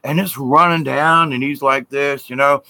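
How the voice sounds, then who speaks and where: A man's voice: medium pitch, steady tone, vocal fry, bright, forceful tone. A man with a Southern US accent telling a ghost story in a casual, rambling way, repeating "he said" and stretching out words for effect. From Southern United States. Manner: rambling, repeats "he said", drawn-out dramatic pauses.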